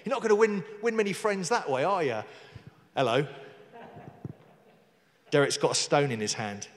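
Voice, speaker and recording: A man's voice: fairly high pitch, sing-song, moderate pace, slight background noise. A man preaching a sermon in a conversational way, with jokey asides, reading scripture aloud with emphasis. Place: church hall. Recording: long hall reverb.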